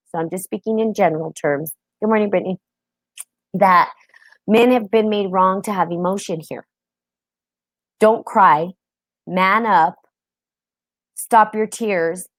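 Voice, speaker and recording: A woman's voice: mid-range voice, dry recording. A woman from the United States hosting a live stream, talking openly and casually and greeting viewers by name. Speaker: host.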